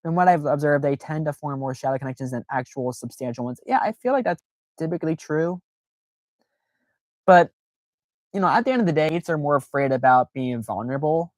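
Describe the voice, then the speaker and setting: A woman with a notably low voice, recorded close and dry with no room around her. She talks in a loose, rambling livestream chat, stacking fillers and restarts, pokes fun at herself, and slips into playful voices to act out what people say. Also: brisk, no room sound. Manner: rambling, filler-heavy, self-deprecating; acts out quoted reactions in playful voices. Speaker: streamer.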